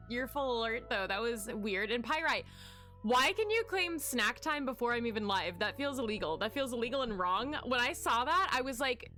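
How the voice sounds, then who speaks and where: A woman's voice: high voice, sharp tone. A woman streamer chatting casually with her viewers, bubbly and giggly as she reads out chat. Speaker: livestreaming artist.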